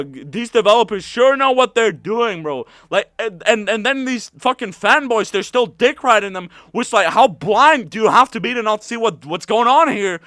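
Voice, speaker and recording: A man delivering an angry, profane rant about a game, swinging from muttering to shouting. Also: very high voice, dry recording, clean studio sound. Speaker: gamer ranting about a game.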